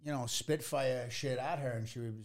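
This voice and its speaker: A man's voice: mid-range voice, fairly even intonation, moderate pace. A man telling a story in casual chat, laid-back and rambling with many fillers. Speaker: tea business owner, guest.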